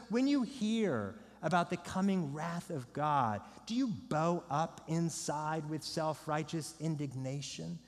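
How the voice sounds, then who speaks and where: A middle-aged pastor preaches with emphasis, his fairly high voice climbing to forceful peaks before dropping low and quiet. The sermon carries a long reverb from a church sanctuary. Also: animated, slow, hardly any pauses.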